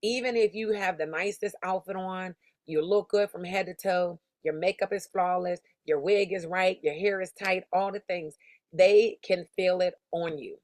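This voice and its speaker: This motivational teaching talk comes from a woman sales coach whose lowish, darkish voice moves at a moderate pace on a dry recording. She teaches through emphatic, slangy, conversational stories.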